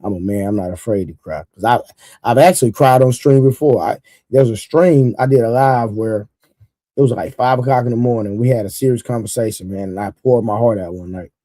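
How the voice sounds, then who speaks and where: A man with a mellow, warm voice hosts a casual livestream and talks straight to his viewers. His delivery is loose and repetitive, with frequent laughs as he reads comments aloud. The sound is dry and close, with no room around it. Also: medium pitch, a little fast, no room sound. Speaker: livestream host. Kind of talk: casual live-stream chat, reading viewer comments aloud.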